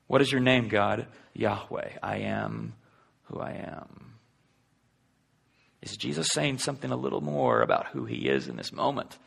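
A man preaching a sermon in a conversational way, asking the listeners rhetorical questions and swinging between loud and hushed delivery. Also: medium pitch, expressive, normal speed, vocal fry, few pauses, husky. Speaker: pastor.

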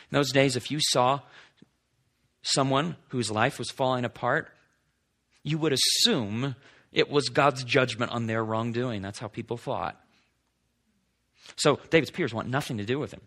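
A male pastor preaching a sermon, swinging between emphatic lines and hushed, slow passages as he reads scripture. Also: mid-range voice.

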